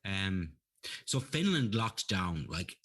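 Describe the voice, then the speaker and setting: A man's voice: sits low, very animated, takes it slowly, a bit bright. A man, telling rambling stories full of profanity in a casual chat. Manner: profane, ranting storyteller. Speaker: guest.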